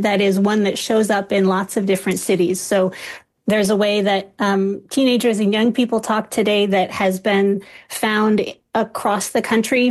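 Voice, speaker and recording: A woman who studies accents, a guest explaining clearly and patiently in conversation. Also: medium pitch, darkish tone. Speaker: linguist guest.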